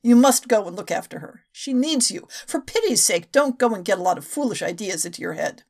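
A woman's voice: medium pitch, lively intonation, brisk, darkish tone. A brusque country doctor, as a woman reads him. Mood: impatient. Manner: blunt, impatient, reassuring. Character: brusque middle-aged male country doctor.

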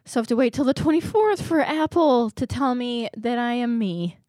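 A woman co-hosting a casual podcast, telling stories with lively acted-out quotes. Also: fairly high pitch, moderate pace, no room sound. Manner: animated storytelling, acting out quotes. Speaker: podcast co-host. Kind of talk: casual chat.

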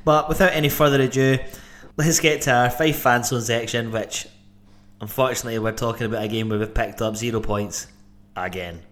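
A man's voice: medium pitch, fairly even intonation, a little fast, a bit bright. Chatty man hosting a podcast. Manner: jokey, chatty, many restarts. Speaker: podcast host. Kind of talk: casual podcast chat.

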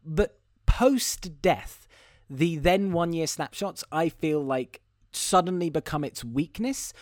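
Slightly high, expressive, and a little mellow, this man talks slowly on a dry, clean studio recording. As host and editor of a casual podcast, he chats animatedly about a film's plot and pokes fun at himself along the way.

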